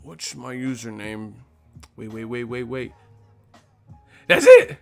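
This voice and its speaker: A man's voice: medium pitch, level tone, measured pace, gravelly, faint music behind. A man mocking a dithering young viewer. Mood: musing. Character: young male viewer dithering over a username.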